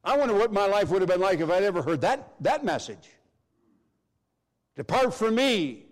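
A middle-aged man preaching with a high voice. He is emphatic and presses his points hard, then sinks into low, hushed phrases for effect. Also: very animated, fast talker. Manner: emphatic, swings from loud to hushed. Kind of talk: sermon.

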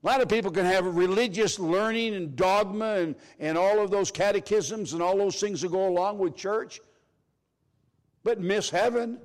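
Man, preacher, high voice, emphatic, drops to hushed lines, middle-aged. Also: moderate pace. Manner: emphatic, swings from loud to hushed. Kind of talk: sermon.

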